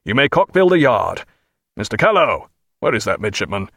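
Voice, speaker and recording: A man's voice: lowish voice, big pitch swings, moderate pace, creaky, a bit bright, slightly rough, no room sound, studio quality, heavily acted. A man voicing a commanding naval captain who barks orders in battle. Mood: brisk command. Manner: barking orders.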